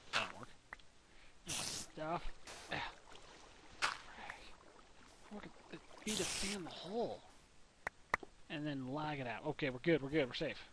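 A young man giving casual, goofy, rambling commentary as he plays a game, talking to himself and his viewers. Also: medium pitch. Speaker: let's play gamer. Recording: noisy home mic recording.

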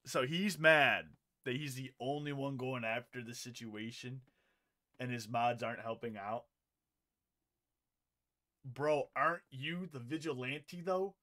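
A man's voice: medium pitch, fairly even intonation, unhurried, sharp tone. A young man reacting to clips, profane and incredulous, laughing in disbelief as he rants. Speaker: commentary streamer. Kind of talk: reaction commentary.

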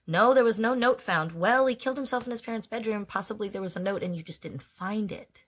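A woman's voice: medium pitch, brisk, few pauses, a bit bright, husky. A woman in her forties telling a painful personal story in a candid vlog, blunt and emotionally raw, with frequent swearing.

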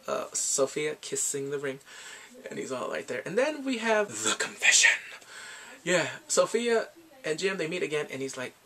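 A man casually recapping a TV episode, lively and excitable, often jumping into playful voices for the characters. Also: mid-range voice. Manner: animated, bursts into shouts and playful quoted voices. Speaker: TV episode reviewer.

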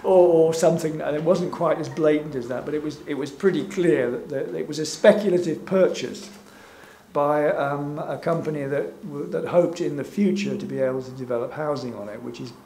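A man with a somewhat high voice gives an informal talk over slides at a gallery event, hesitating often and chuckling wryly at his own stories. The room is echoey, with a faint hum underneath. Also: normal speed, dark tone. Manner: hesitant, many fillers, wry and chuckling. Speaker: invited speaker.

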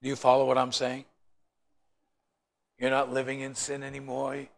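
A man's voice: medium pitch, completely flat delivery, normal speed, creaky. A man teaching a Bible study in a joking, storytelling way, often asking the group questions.

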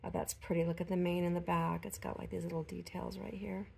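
A woman vlogger chatting casually at home while unboxing a gift, pausing and laughing softly, still recovering from an illness. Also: fairly low pitch, flat delivery, gravelly. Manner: chatty, hesitant, frequent small laughs. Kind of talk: casual chat.

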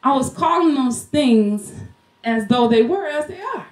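Her voice sits high with lively intonation, and she never rushes. Preaching fervently for Mother's Day in a home church, she sometimes sings and laughs mid-sermon, and the recording carries the room's echo.

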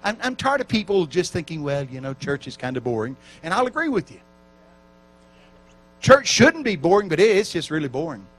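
Animated preacher man telling stories. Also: on the high side, a little fast. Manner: animated, acts out voices and shouts for emphasis. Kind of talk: storytelling sermon. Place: church camp meeting.

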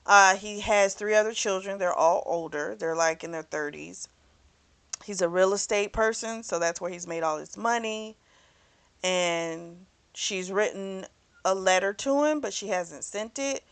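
A woman's voice: mid-range voice, unhurried, vocal fry, smooth. A woman hosting a book club channel, chatting through a novel's plot casually and acting out the characters' lines as she goes. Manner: swears freely.

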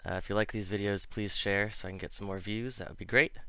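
A man with a North American accent teaching English pronunciation in a video lesson, demonstrating vowel sounds slowly and clearly. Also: lowish voice, steady tone, bright, forceful tone, no room sound.

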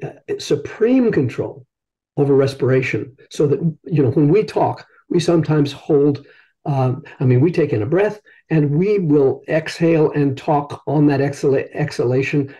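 A man's voice: on the high side, moderate pace, warm tone, highs cut off. An older man, an invited speaker, answering questions in a discussion after his talk, explaining thoughtfully and searching for his words.

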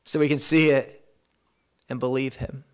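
A man voicing smug, contemptuous priests who scoff with drawn-out words during a sermon reading. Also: mid-range voice, level tone, smooth, natural voice.

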